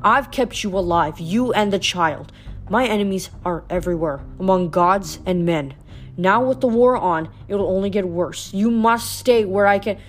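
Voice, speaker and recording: A woman reading aloud, voicing a weary, brooding male god of the dead who speaks slowly and sighs. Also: mid-range voice, soft background music, lightly acted. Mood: melancholy. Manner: slow, sorrowful, sighing.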